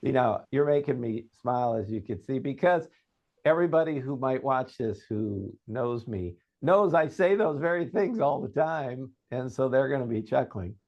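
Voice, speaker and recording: A man's voice: mid-range voice, expressive, moderate pace. A male host with a mid-range voice speaks in an interview, conversational and affirming. His audio sounds a little dull and muffled. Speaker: podcast host, vocal coach.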